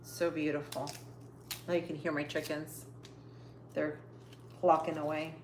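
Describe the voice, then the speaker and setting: A woman's voice: low voice, little pitch movement, unhurried. A woman hosting a casual cooking livestream from her home kitchen, chatting upbeat with viewers while she chops. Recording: echoey kitchen with faint noise.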